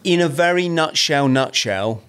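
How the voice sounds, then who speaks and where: A man in his fifties from South-East London with an English accent, a podcast guest telling his story in a rambling, animated way with lots of restarts and swearing. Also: fairly high pitch, measured pace, clean tone. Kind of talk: casual storytelling.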